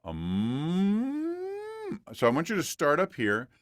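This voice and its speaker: A man's voice: a little high, animated, quick pace, fairly bright tone, no room sound, clean studio sound. A man coaching a student through a one-on-one voice lesson, patient and demonstrative, repeating points for emphasis.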